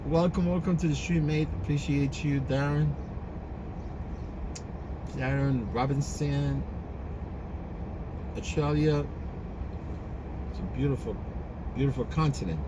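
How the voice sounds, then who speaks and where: Chatty man driving, loud traffic. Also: fairly high pitch, measured pace, long pauses. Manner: chatty, greets viewers by name. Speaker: rideshare driver live-streaming. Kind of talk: casual live-stream chat with viewers. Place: car on city streets.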